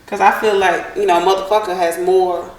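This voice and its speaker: A woman co-hosting a podcast, talking bluntly and with slow emphasis. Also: fairly low pitch, level tone, reverberant, poor audio. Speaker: podcast co-host. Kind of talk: casual chat.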